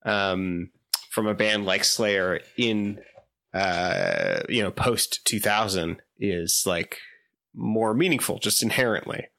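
A man's voice: lowish voice, slow, creaky, sharp tone. A man co-hosting a podcast in casual chat, rambling with many fillers and giggles. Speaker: podcast co-host.

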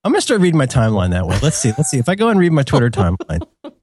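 Rambling, lively man in casual chat. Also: medium pitch, racing. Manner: rambling, restarts, playful, laughs at own jokes. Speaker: podcast co-host.

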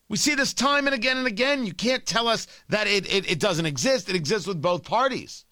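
A man's voice: high voice, bright, forceful tone, dry recording. Combative sarcastic male political host. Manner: sarcastic, combative, emphatic repetition. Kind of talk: opinionated political monologue.

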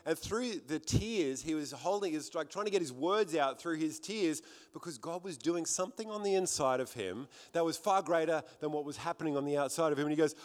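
A man's voice: on the high side, fairly quick, hardly any pauses. A man preaching a sermon to a congregation in a church hall, fervent, often repeating words as he builds up. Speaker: pastor.

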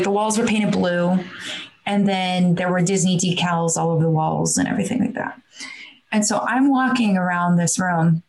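A Midwestern woman, appearing as a podcast guest over a video call, tells a story in a chatty way full of fillers and restarts. Her voice is fairly low with vocal fry, and the recording is rough.

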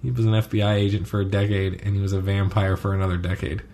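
A man with a fairly low voice chats casually as a podcast co-host, picking apart a TV episode. He rambles along, stopping for ums and correcting himself as he goes. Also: level tone, quick pace, mellow, slight background noise. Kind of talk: casual chat reviewing a TV episode.

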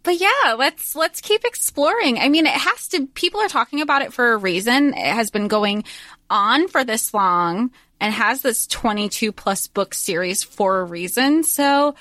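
A woman's voice: a little high, expressive, normal speed, sharp tone, no room sound, studio quality. A woman co-hosting a book podcast, musing thoughtfully in casual chat. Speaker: podcast co-host.

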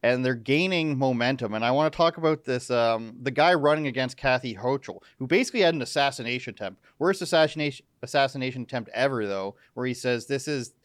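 A man hosting a casual talk show, asking questions with quick joking asides. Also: mid-range voice, no room sound, clean studio sound. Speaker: podcast host.

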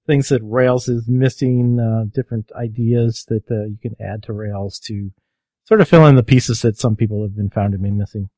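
A man's voice: mid-range voice, darkish tone, no room sound. Hesitant male developer with dry sound. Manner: hesitant, many fillers. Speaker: podcast panelist, Rails developer. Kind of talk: casual panel chat.

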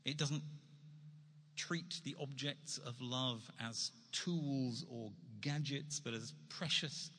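A man's voice: medium pitch, slow pace, bright, forceful tone, slightly rough. A man author giving an earnest, reflective religious talk to an audience in a hall. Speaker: speaker, author. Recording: long hall reverb.

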